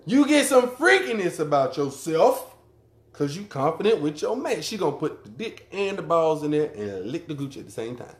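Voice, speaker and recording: A man co-hosting a podcast, telling crude stories and joking loudly in casual banter. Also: on the high side, sing-song, moderate pace. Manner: loud, joking, profane storyteller. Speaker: podcast co-host. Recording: roomy echo.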